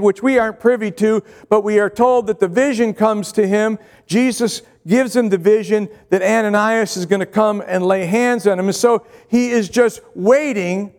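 A high-pitched man preaching a midweek sermon, pressing his point with repeated phrases and questions to the congregation. His voice rings with a long hall reverb, as if in a large church sanctuary. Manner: earnest, repetitive, rhetorical questions to the congregation. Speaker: pastor.

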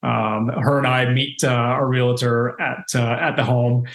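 A man's voice: medium pitch, fairly even intonation, unhurried, fairly bright tone. A man telling a story in a casual interview, rambling with many fillers and restarts. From Canada. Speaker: real estate investor guest. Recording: roomy echo.

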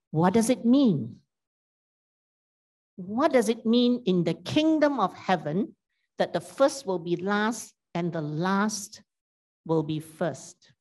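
A woman's voice: mid-range voice, lively intonation, takes it slowly, a little mellow. A woman preacher, telling a parable in a sermon and teasing the congregation with questions.

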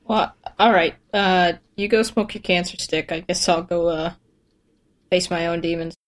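In a casual mood, a woman with a fairly low, flat voice plays a broke freelancer who cracks wise. Her natural delivery is a little slow, hesitant and packed with ums and jokes.

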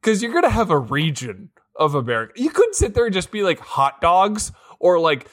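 A man's voice: high voice, wildly swooping pitch, fast. A man co-hosting a casual movie review podcast, rambling with restarts and chuckles. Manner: rambling, with many restarts and laughs. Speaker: podcast co-host.

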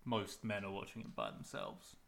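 A man's voice: deep voice, big pitch swings, normal speed, gravelly, a bit bright. A young adult man co-hosting a podcast, teasing and dry in casual chat as he reads out figures. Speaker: podcast co-host.

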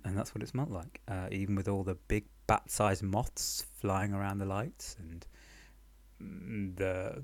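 A young man telling a comic story about his life in a dry, deadpan, understated way, recorded at home. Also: on the low side, no room sound. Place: home apartment.

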